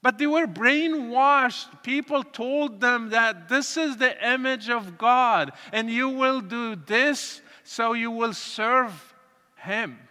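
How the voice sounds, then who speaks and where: A man's voice: very high-pitched, slow pace, sharp tone, in a large hall. A man from Morocco, telling his own story in an earnest, emotional sermon testimony with many repetitions. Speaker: speaker giving his testimony.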